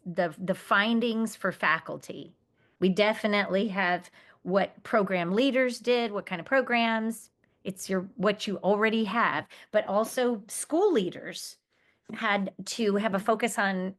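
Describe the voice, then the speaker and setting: A woman presents to an audience of teachers. She explains her findings earnestly, pausing to restart and clarify, and her voice sits at an ordinary pitch for a woman. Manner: earnest, explanatory, with restarts and quoted student words. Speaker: conference presenter. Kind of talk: conference presentation.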